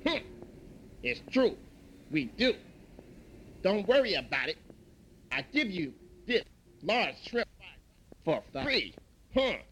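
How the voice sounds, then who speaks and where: A man voicing a calm, wise elderly male shopkeeper who speaks slowly and soothingly, with measured pauses. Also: high voice, a little hiss or hum, heavily acted, low-quality recording. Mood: calm, placating.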